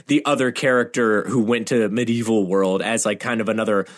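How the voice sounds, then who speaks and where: A man's voice: lowish voice, steady tone, fairly quick. A man co-hosting a casual film podcast who talks in a chatty, enthusiastic, rambling way. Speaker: podcast co-host.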